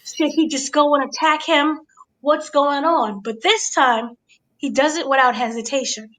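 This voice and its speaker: A woman hosting a casual review chat, giving an excited blow-by-blow recap and checking in with her listeners. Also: high voice, a little slow, slight background noise, poor audio. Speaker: podcast host.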